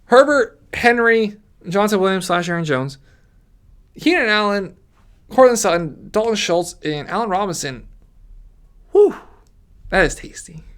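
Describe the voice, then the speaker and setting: A man's voice: high voice, expressive, normal speed, a bit bright. A man giving casual, rambling commentary on his fantasy football mock draft, ranting with frequent restarts.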